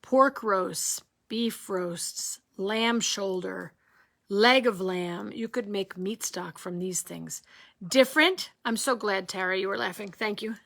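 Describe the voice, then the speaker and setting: A woman teaches a live online cooking lesson with plenty of energy, speaking slowly in a medium-pitched voice with vocal fry. She asks rhetorical questions, keeps checking in with her audience and jokes with them.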